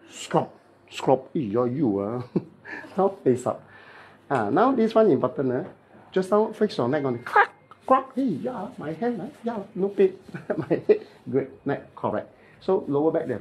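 A chiropractic therapist with a Malaysian English accent, instructing a client in clipped, playful phrases during treatment and mimicking cracking sounds. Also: male voice, on the high side, very animated, a little slow, a little mellow, slight background noise.

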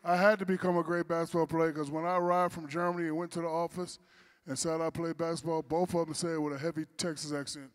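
A man's voice: fairly high pitch, little pitch movement, fast talker. A man in his forties giving a playful, teasing acceptance speech at an awards dinner in a banquet hall.

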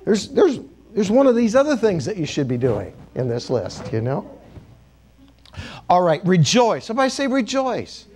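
Humorous preacher man with a lively high voice. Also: normal speed, slightly rough. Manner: humorous, calls on the congregation to repeat words. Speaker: bishop. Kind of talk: sermon. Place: church.

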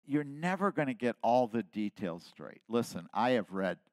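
A man in his seventies preaching a sermon with passion, dropping to quiet asides and then rising to loud emphasis. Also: mid-range voice, sing-song, moderate pace, no room sound. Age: 70s. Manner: impassioned preaching, swinging between soft asides and loud emphasis. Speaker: pastor.

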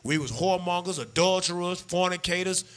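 A man preaching a street-style sermon, animated and slangy, acting out what husbands and wives say. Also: high voice, fairly quick, faint music behind.

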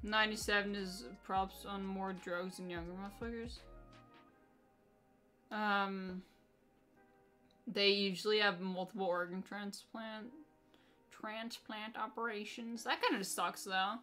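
A woman's voice: mid-range voice, fairly even intonation, measured pace, pauses often, sharp tone, soft background music. A woman live streamer chatting casually with her viewers, blunt and profane, with a constant "like" in her speech. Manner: profane, blunt and teasing, with a lot of filler "like".

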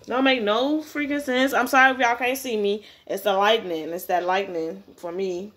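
A woman's voice: mid-range voice, fairly even intonation, normal speed, fairly bright tone, a little hiss or hum. A woman reading a webcomic aloud and reacting with blunt, profane exasperation. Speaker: webcomic reader.

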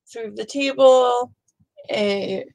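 A woman's voice: fairly high pitch, slow pace, vocal fry, a little mellow, low-quality recording. A woman hosting a casual live stream, thinking aloud and gushing with frequent exclamations. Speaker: host of a live stitching show.

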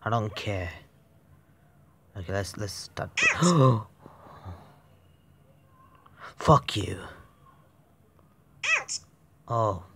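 A man's voice: on the low side, expressive, slow, long pauses, background noise. A frustrated man commenting on a phone game, swearing constantly and swinging between muttered whispers and sudden yelps. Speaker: mobile game player. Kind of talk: gaming commentary.

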